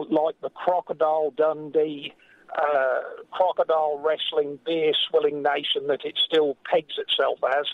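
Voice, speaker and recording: A man's voice: fairly high pitch, no echo. An English man calling in to a radio show, talking earnestly and with feeling. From England. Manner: earnest, impassioned, slows when emotional. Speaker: caller. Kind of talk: call-in radio. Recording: tinny phone line.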